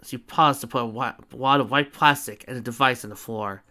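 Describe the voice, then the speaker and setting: A man's voice: mid-range voice, a little fast, bright, forceful tone. A man reading fan fiction aloud in a casual way, with small stumbles and joking asides. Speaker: fanfiction reader.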